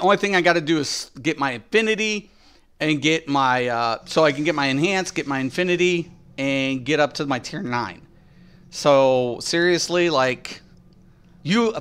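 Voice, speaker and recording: A man's voice: fairly high pitch, fairly bright tone, clear, resonant tone. A man streaming a game and ranting bluntly and profanely to his chat about how raids used to work. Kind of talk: casual live-stream rant.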